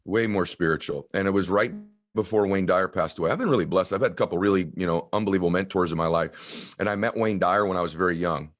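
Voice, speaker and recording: A man in his fifties with a deep, low voice. He tells personal stories in an earnest, heartfelt way, as a guest in a conversation. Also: fast talker. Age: 50s.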